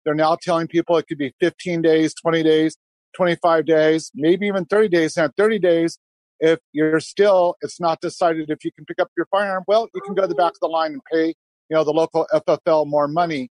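A man's voice: a little high, fairly even intonation, a little fast, a little mellow, no echo. A man calling in to a talk show as a director, explaining things with sarcasm. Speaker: gun group director calling in. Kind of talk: interview over a call.

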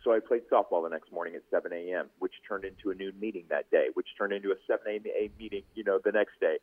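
Deep husky man on a phone-line radio interview. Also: quick pace. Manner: animated storyteller who acts out quoted voices. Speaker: guest, podcast host and news anchor. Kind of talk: casual radio interview storytelling.

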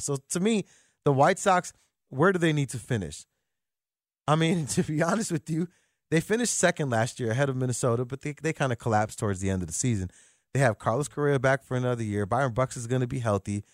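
A man's voice: mid-range voice, animated, normal speed, no echo. A man hosting a sports radio show in a studio, talking in a joking, slangy way. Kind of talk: casual sports talk radio. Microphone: studio microphone.

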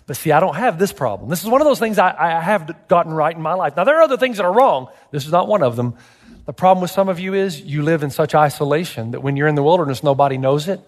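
Animated male pastor with a high voice. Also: long reverb tail. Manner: animated, emphatic, asks the congregation rhetorical questions. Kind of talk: sermon. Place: church.

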